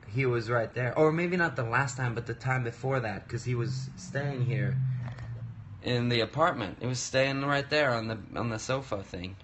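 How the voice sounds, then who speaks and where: A musician in his thirties talks casually on a livestream from his home desk, his medium-pitched voice fairly bright and a little slow. He wanders off topic and playfully interrupts himself.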